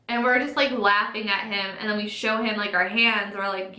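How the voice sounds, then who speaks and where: Young woman, casual makeup chat, says "like" a lot, higher pitched voice. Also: flat delivery, moderate pace, sharp tone. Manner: chatty, says "like" constantly, acts out quotes. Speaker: beauty vlogger. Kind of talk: casual chatty storytime while doing makeup. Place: home room, sitting at a makeup setup. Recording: echoey room.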